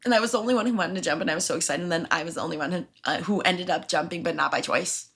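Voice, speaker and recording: A young woman hosting a podcast, telling a story in a casual, animated way and swearing freely. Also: lowish voice, racing, vocal fry, slightly rough. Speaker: podcast host.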